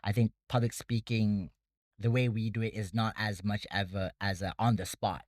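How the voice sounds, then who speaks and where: A man's voice: on the low side, steady tone, moderate pace, darkish tone, no room sound. A man who runs a debate academy, talking casually in an interview and explaining things step by step with many fillers. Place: Bangkok.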